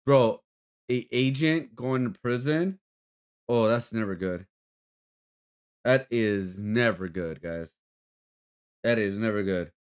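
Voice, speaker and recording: A man's voice: on the low side, takes it slowly, long pauses, smooth. A man streaming, reacting casually to videos with loose, profane commentary and laughter.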